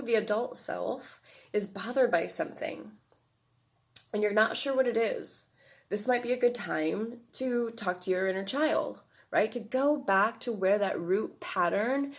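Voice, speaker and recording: A woman talks through a self-help lesson in a relaxed, encouraging way. She keeps checking in with her listener and fills pauses with soft fillers, in a mid-range voice. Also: mid-range voice. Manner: relaxed, encouraging, with frequent "right?" and "um". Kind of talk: casual instructional talk.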